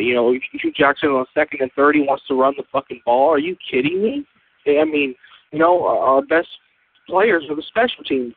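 A frustrated man calls in to vent, swearing and repeating himself. His voice comes through a tinny phone line with faint hiss. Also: medium pitch. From Sacramento. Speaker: caller. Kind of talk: angry fan call-in rant.

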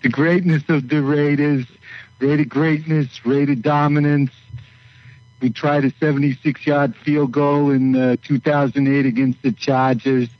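A man's voice: fairly high pitch, little pitch movement, unhurried, dry recording, lo-fi sound, close to an everyday voice. A man calling in and putting on the voice of an impatient old male team owner who rambles in short, clipped accusations. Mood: ranting. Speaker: caller.

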